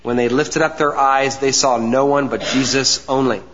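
A man's voice: medium pitch, steady tone, slight background noise. Earnest preaching man in an echoing hall. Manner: earnest preaching with emphatic pauses, drops to soft asides. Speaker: pastor. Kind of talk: sermon. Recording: dull sound with long hall reverb.

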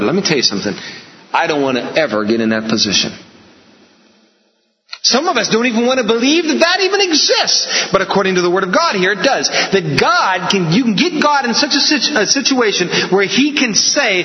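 A man's voice: high-pitched, sing-song, normal speed. A man preaching a sermon, emphatic and repetitive, with joking asides. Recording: echoey hall, slightly dull sound.

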